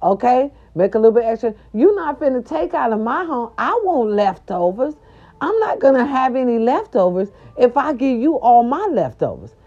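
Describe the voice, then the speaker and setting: Woman vlogger, casual storytelling, sassy and expressive, mellow tone, muffled lo-fi sound. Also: fairly high pitch, moderate pace. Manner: sassy, animated, talks straight to viewers. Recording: dull lo-fi recording.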